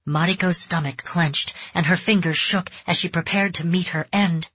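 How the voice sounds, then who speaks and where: A woman narrating a dark fantasy audiobook in measured, tense storytelling. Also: on the low side, steady tone, husky, no echo. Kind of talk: scripted narration. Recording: dull, dry close recording.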